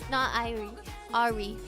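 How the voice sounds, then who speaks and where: A woman's voice: on the high side, expressive, takes it slowly, over music. A woman streamer chatting casually with her viewers, rambling and laughing often. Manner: giggly, rambling, playful.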